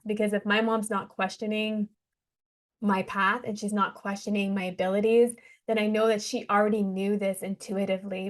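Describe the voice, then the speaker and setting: A woman speaking as a podcast guest, a life coach telling her own story in an earnest, heartfelt way. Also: medium pitch. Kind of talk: casual interview talk.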